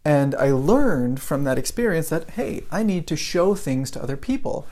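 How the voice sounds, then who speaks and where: A man's voice: fairly high pitch, big pitch swings, moderate pace, warm tone. A man who teaches English, giving a casual live-streamed talk and telling personal stories, often checking in with "right?".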